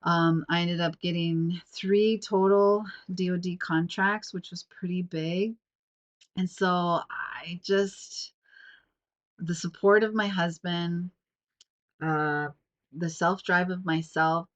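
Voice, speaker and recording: A woman's voice: on the low side, steady tone, takes it slowly. A young woman with a stuffy nose hosting a casual solo podcast at home, rambling and chatty with many fillers. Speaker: podcast host. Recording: dull lo-fi sound.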